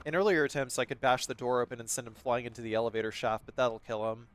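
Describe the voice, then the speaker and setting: A man's voice: medium pitch, quick pace, slight background noise. A man casually explaining his gameplay run as he plays. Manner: relaxed and explanatory. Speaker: speedrun commentator.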